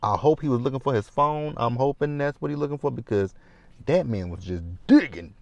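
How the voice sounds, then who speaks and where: A man's voice: medium pitch, lively intonation, fairly quick, vocal fry, a little mellow, dry recording. A man from Texas, recapping a reality show in a chatty, blunt way with profane asides. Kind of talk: casual recap commentary.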